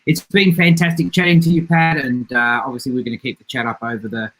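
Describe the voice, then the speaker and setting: Casting: Australian male podcast host, friendly sign-off, mid pitch. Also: flat delivery, quick pace, a bit bright. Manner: friendly, wrapping up with thanks and plugs. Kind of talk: casual podcast chat.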